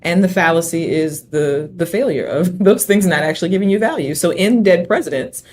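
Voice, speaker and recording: A woman's voice: fairly low pitch, a little fast, a little mellow, a little hiss or hum. A woman who is a podcast guest, telling a story in a chatty way and laughing easily. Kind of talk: casual interview chat.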